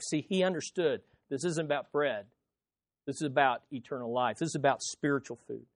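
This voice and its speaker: A man preaching a sermon as pastor, swinging between loud emphatic peaks and quiet low phrases, repeating words for emphasis. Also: a little fast, no room sound, studio quality. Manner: preaching with wide swings in loudness and pitch.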